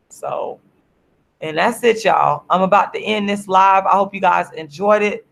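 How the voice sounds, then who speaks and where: A tired, sleepy woman hosting a casual livestream, speaking in an earnest, repetitive, drawn-out way to viewers through her camera. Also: mid-range voice, vocal fry, a little hiss or hum. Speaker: livestream host.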